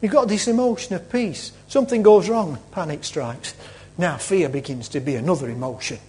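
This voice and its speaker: A male preacher retelling a story in a sermon, dramatic, swinging between loud and hushed. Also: a little high, moderate pace.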